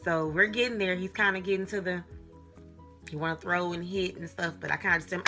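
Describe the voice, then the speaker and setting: A young woman giving casual parenting advice in a chatty, animated way, often repeating herself and laughing. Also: on the low side, a little fast, faint music behind. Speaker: mom vlogger.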